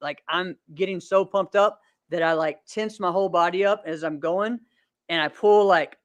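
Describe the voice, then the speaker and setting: A man in his thirties with a smooth, clear, fairly high voice talks casually on a podcast. He rambles cheerfully, laughs often, and fills gaps with plenty of "um"s. The sound is dry and close, with no room echo. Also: normal speed, muffled recording. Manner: rambling, upbeat, laughs often, many fillers. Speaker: podcast host and martial arts competitor. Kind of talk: casual chat.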